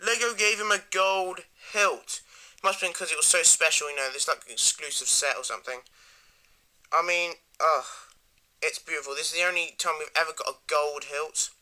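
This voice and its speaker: Guy, toy reviewer, higher voice, very bright tone, rambly and eager. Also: fairly even intonation, brisk. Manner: rambling, enthusiastic, trails off into mumbles.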